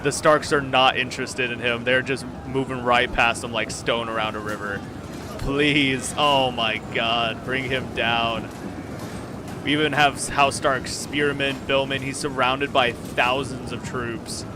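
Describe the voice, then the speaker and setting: A young man giving live gameplay commentary as a streamer, excitable and swearing when frustrated. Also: medium pitch, unhurried, noisy background. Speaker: game streamer.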